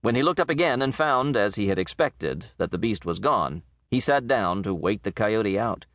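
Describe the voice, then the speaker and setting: Expressive male audiobook narrator, dry sound. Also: on the low side, no room sound. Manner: measured, expressive storytelling reading. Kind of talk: scripted narration.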